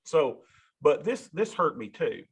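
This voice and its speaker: A man talks in a loose, folksy ramble and addresses his listeners as y'all. His voice is gravelly and husky. He sounds emotional and earnest as he speaks. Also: on the high side, big pitch swings, measured pace. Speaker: financial advisor giving a talk. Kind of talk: casual rambling monologue.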